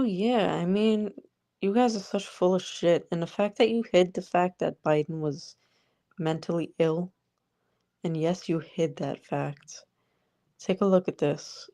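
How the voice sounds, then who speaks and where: A woman's voice: fairly low pitch, mellow. A woman vlogger ranting sarcastically about politics straight to the viewer. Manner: sarcastic, exasperated, talks to the viewer.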